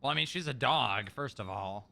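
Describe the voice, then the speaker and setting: A man's voice: medium pitch, expressive, moderate pace, vocal fry, pushed and bright. A man in casual roleplay banter, teasing and laughing easily. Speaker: roleplay player, streamer.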